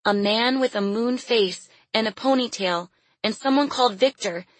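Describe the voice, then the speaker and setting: A woman's voice: a little high, moderate pace, no room sound, voice pushed up, natural voice. A woman voicing a frightened little girl, with a small pleading voice. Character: scared little girl locked in a cage.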